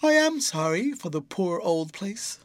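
A man voicing a sweet, childish young schoolgirl who talks in a lilting, playful way with sudden high bursts. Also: sing-song, a little slow, no room sound. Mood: girlish, playful.

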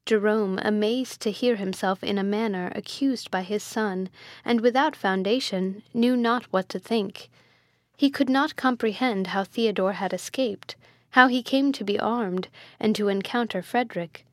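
A woman narrating a classic novel in a measured, lightly dramatized reading. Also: mid-range voice, no echo, clean studio sound. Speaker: audiobook reader.

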